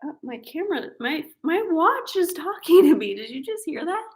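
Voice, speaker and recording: A woman's voice: high voice, very animated, moderate pace, darkish tone. A pregnant woman hosting a casual livestream Q&A, chatty and giggly as she reads viewer questions aloud. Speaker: host.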